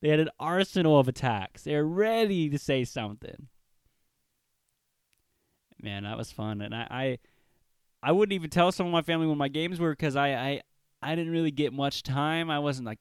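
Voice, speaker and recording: A man's voice: mid-range voice, moderate pace, clear, resonant tone, no room sound, clean studio sound. A young man from Washington state hosting his own podcast, talking in a laid-back, rambling way, full of dude and bro. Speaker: podcast host. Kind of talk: casual solo podcast monologue.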